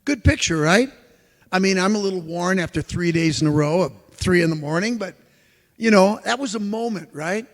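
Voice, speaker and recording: A man giving a lecture as an animated storyteller, who acts out the exclamations he quotes. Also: high voice, normal speed. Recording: long hall reverb.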